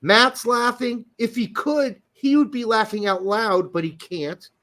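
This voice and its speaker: A man's voice: very high-pitched, measured pace, fairly bright tone. A man hosting a casual soccer podcast. He talks emphatically, repeats his points and swears freely. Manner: emphatic, repetitive, profane. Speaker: podcast host. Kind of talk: casual soccer commentary chat.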